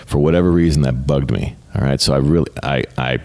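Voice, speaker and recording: A middle-aged American retired fighter pilot with an extremely deep voice speaks briskly as a guest in a casual interview. He is earnest yet relaxed and conversational, often stumbling over repeated words as a thought gets going.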